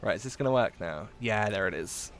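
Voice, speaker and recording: A man's voice: fairly low pitch, lively intonation, a little fast, fairly bright tone, a little hiss or hum. A man chatting casually while live-streaming a game, giggling often and trailing off into fillers.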